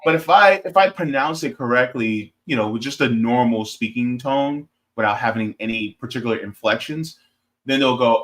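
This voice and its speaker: A man's voice: medium pitch, normal speed, a bit bright. An American man, a guest on a casual political chat, explaining his points with hesitant restarts and little stories. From United States.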